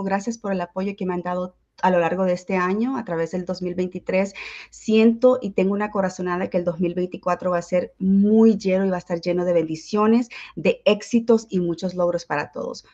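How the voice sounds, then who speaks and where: A woman hosting a lively livestream chat, energetic and playful, greeting viewers. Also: mid-range voice, muffled recording. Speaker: host.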